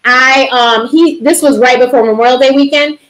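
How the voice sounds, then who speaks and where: A middle-aged woman with a high voice tells a story on a panel. She is a doctor. She is animated and laughs often. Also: normal speed, low-quality recording.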